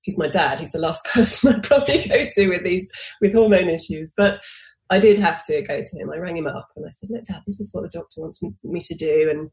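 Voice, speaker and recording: A woman in her forties, a podcast guest telling a personal story with lively restarts and acted-out quotes. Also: fairly low pitch, a little fast. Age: 40s. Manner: animated, acts out quoted dialogue with restarts.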